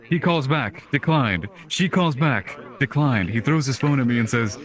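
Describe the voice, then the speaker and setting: A young man telling a long, profane story in animated casual talk, acting out the quotes, over online voice chat. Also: mid-range voice, normal speed.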